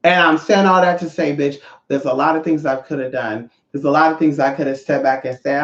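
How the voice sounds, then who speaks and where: A man in his thirties chatting casually on a livestream, sassy and expressive. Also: fairly quick, hardly any pauses. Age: 30s. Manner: sassy, expressive, swings pitch a lot. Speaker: livestream host. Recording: roomy dull lo-fi sound.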